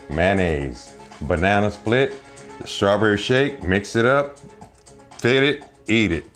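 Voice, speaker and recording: A man with a fairly low voice hosts a live stream, joking and rambling to his viewers in a loud, teasing way. He keeps breaking into laughter, and faint music plays behind him. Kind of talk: casual comedic live stream chat.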